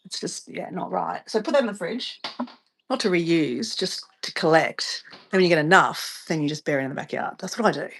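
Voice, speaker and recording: Hosting a livestream from her home, a woman with an Australian accent from Southeast Queensland chats casually, rambling and easily getting sidetracked onto tangents. Her voice is fairly low, gravelly and a bit bright, and she talks fairly quickly. There's slight background noise.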